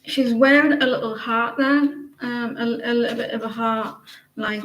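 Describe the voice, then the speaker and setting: A woman with an English accent giving tarot readings on a live stream, talking haltingly with many fillers and restarts. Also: a little high, fairly even intonation, reverberant, noisy background. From England. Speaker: tarot reader.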